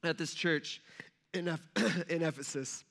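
A man's voice: a little high, measured pace, creaky, a bit bright. A male pastor giving a casual, conversational sermon with asides to his congregation.

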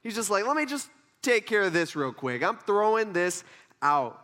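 A man's voice: sits high, big pitch swings, normal speed, pushed and bright. A man preaching a sermon in a casual, conversational way, acting out the people in his story. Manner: conversational, playful, acts out dialogue in voices.

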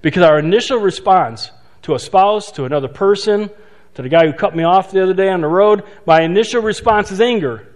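A man preaching a sermon in a conversational way, asking rhetorical questions and slowing down for emphasis. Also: high voice. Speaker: pastor. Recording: long hall reverb.

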